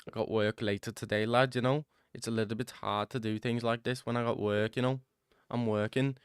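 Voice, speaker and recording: A man's voice: mid-range voice, fairly even intonation, brisk, clear, resonant tone, no room sound, clean studio sound. A young adult man streaming live, chatting casually and answering his viewers' questions in a laid-back, rambling way. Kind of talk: casual chat reading live chat.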